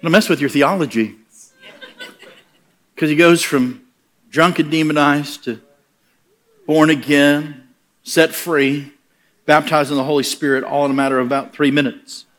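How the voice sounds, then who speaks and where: Delivering a sermon, a man tells a story in a slightly high voice, unhurried and often pausing. He brings it to life animatedly, voicing the characters himself.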